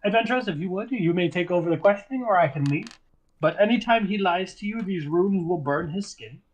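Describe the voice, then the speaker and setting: Man doing a genteel, menacing wizard interrogator, raised lively pitch, tabletop game NPC. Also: fairly quick. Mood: courteous. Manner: courteous, coldly menacing. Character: polite but cruel male wizard official.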